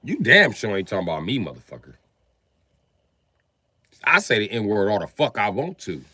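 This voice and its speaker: A man's voice: lowish voice, big pitch swings, moderate pace, bright, forceful tone, no echo. A man ranting on a livestream to his viewers, confrontational and swearing heavily. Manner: profane, confrontational, heavy swearing.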